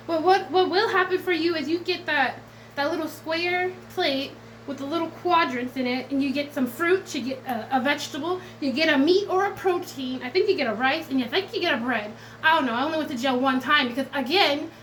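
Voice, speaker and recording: A woman's voice: high-pitched, a bit bright, slight background noise, low-quality recording. A woman tarot reader talking straight to her viewers in a casual vlog, blunt and profane, swinging between defiance and tenderness and close to tears at times.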